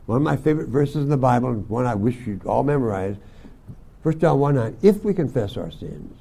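Gravelly older man preaching to youth. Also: mid-range voice, very animated, fairly quick, warm tone. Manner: folksy storytelling with frequent throat clearing. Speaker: Bible school teacher. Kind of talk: sermon to young students.

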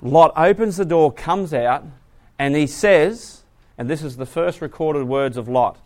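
A male preacher with a fairly high voice teaches a Bible class and calls out questions to his listeners. He moves from quiet, hushed asides to loud, pressing emphasis. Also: measured pace. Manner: asks the audience questions. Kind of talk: sermon.

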